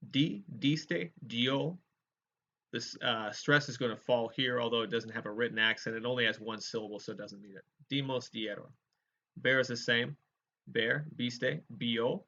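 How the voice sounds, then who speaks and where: A man's voice: mid-range voice, normal speed, bright, forceful tone. Methodical male Spanish teacher, lo-fi. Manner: clear, methodical, models each form aloud. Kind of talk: recorded lecture with choral drills. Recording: dull lo-fi lecture recording.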